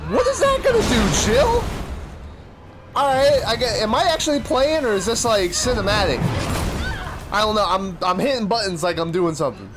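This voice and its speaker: A man commentating his own gameplay, excitable and profane, trash-talking the game, yelping and shouting at sudden scares, sometimes laughing as he talks. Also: sits high, a little fast, music in the background. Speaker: gaming channel host.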